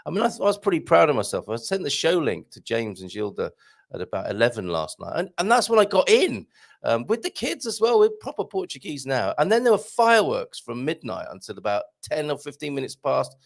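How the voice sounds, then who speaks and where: A hoarse man hosting a live morning show, chatting and joking in a rambling way. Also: fairly high pitch, wildly swooping pitch, a little fast. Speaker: host. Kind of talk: casual live-stream chat.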